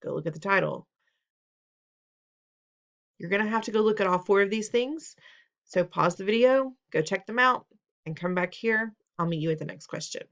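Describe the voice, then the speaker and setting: In this recorded test-prep lesson, a female teacher with a mid-range, somewhat bright, creaky voice talks at a moderate pace and pauses often. Expressive and instructive, she guides students patiently through reading questions, going over steps again, asking them things, and joking with them.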